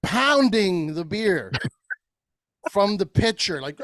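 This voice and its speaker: A man telling loose stories as a podcast guest. He swears freely, laughs through the telling and acts out the other people in his stories with big jumps in pitch. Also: very animated, takes it slowly, fairly bright tone, dry recording, studio quality. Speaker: podcast guest, craft beer brewer. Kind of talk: casual storytelling chat.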